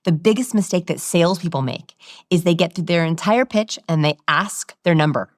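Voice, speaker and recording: A woman's voice: fairly low pitch, a little fast, no room sound, clean studio sound. A woman, a body language expert, explaining ideas in a podcast interview and acting out quoted dialogue. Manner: animated, acts out quoted dialogue.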